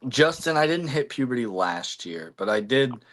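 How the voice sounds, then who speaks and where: A man's voice: medium pitch, sing-song, normal speed, a bit bright. A man hosting a casual livestream, rambling with many fillers and eating while he talks. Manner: chewing food while talking. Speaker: livestream host.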